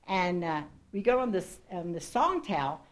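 A woman's voice: on the low side, animated, measured pace. A woman missionary telling her story to a congregation in an earnest, rambling way, restarting sentences and laughing at herself. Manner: rambling, with frequent restarts and asides. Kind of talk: personal testimony to a congregation.

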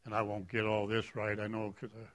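A man's voice: fairly low pitch, completely flat delivery, a little fast, a bit bright. A man, not a preacher, giving an informal church talk in a rambling, folksy, self-deprecating way. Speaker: lay speaker at church.

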